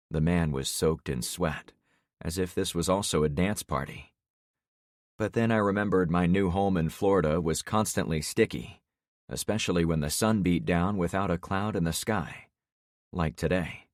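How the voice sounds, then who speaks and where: A man narrating a first-person audiobook in a steady, matter-of-fact way. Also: sits low, moderate pace, no echo, studio quality.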